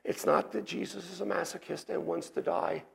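Male preacher, fairly high-pitched and gravelly, explanatory sermon delivery. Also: fairly even intonation, normal speed, a bit bright. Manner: explanatory, teacherly, with restarts and asides. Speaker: pastor. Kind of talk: expository sermon.

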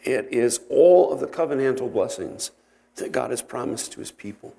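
A man's voice: medium pitch, expressive, creaky, warm tone. Man teaching scripture verse by verse. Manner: reads scripture aloud, then explains it in a conversational tone; unhurried, with fillers and self-corrections. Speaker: Bible teacher. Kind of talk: expository Bible teaching.

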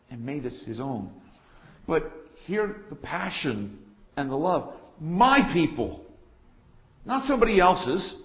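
A man preaching an expository sermon, swinging between loud declarations and quiet asides. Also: medium pitch, creaky, lo-fi sound.

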